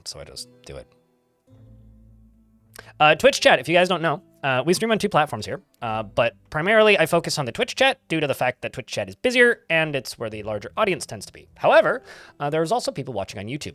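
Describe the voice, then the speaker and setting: A man's voice: a little high, fairly bright tone, dry recording. A man casually chatting to his live-stream chat while playing a game, rambling and laughing easily.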